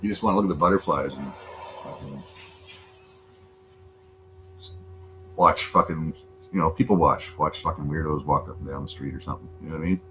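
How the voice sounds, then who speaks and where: A man hosting a casual livestream from home, rambling and swearing a lot in relaxed chat. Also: extremely low pitch, fairly quick, long pauses, a little hiss or hum. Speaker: livestream host.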